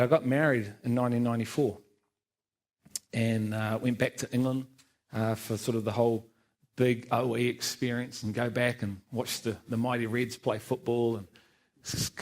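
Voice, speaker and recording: Self-deprecating middle-aged New man. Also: mid-range voice. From New Zealand. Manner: self-deprecating storyteller, laughs often, acts out quoted dialogue. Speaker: church speaker giving testimony. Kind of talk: personal testimony in church. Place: church service.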